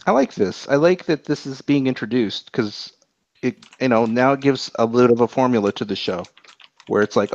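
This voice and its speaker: A man co-hosting a podcast, chatting casually about anime episodes in an animated, rambling way and swearing freely. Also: medium pitch, normal speed. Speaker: podcast co-host. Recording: dull lo-fi podcast audio.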